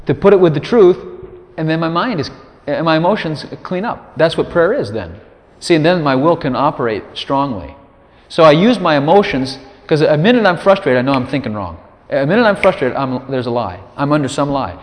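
A man preaching an informal sermon in a conversational, folksy way, often dropping asides to his listeners. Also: a little high. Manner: conversational, folksy, many "you know" asides; acts out quoted prayers in a raised voice. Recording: long hall reverb.

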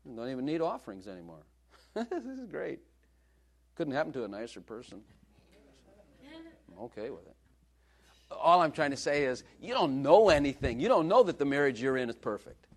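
A man's voice: on the high side, very animated, moderate pace, pauses often. A male preacher giving a sermon in a joking, conversational way, laughing often.

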